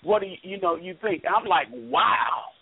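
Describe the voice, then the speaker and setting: A man's voice: high-pitched, normal speed, breathy edge. Man telling a story over a tinny line. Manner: animated storyteller, quoting others. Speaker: co-host. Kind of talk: casual radio talk, storytelling. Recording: tinny phone-like radio line.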